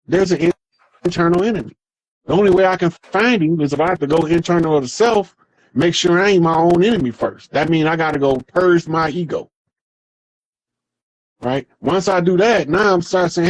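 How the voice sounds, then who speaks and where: A man's voice: fairly high pitch, moderate pace, low-quality recording. A man speaking as an interview guest in a loose, emphatic storytelling style, swearing freely and acting out the voices of people he quotes. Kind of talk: casual storytelling monologue.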